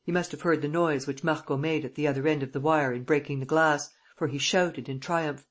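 A narrator reading a novel aloud with steady, measured delivery. The voice is husky and sits at a middling pitch. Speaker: audiobook narrator. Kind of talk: scripted narration.

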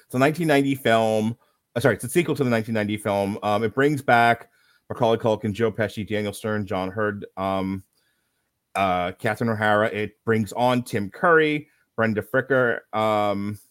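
A man's voice: lowish voice, normal speed, dry recording. Man, podcast co-host, casual movie review, sardonic, profane, dry close sound.

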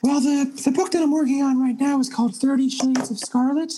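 A man's voice: very high voice, steady tone, brisk, mellow, rough recording. A man voicing a small, pompous, very old author who stammers and pushes. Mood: pretentious. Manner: pretentious, pushy, stammering. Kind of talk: tabletop role-play.

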